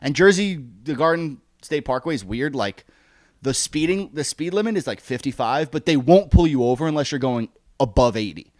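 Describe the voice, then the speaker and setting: A young man chats on a podcast and tells stories, acting out the people in them. His voice runs a little high and swings up and down a lot. The sound is dry and close. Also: moderate pace, dry recording. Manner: animated storyteller, acts out quotes. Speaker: podcast co-host. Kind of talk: casual chat.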